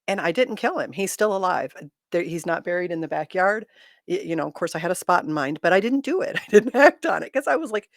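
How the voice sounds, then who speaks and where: A woman's voice: lowish voice, fairly quick, no room sound, clean studio sound. A middle-aged woman hosting a casual livestream chat, speaking candidly with self-deprecating humor and reading viewer comments aloud.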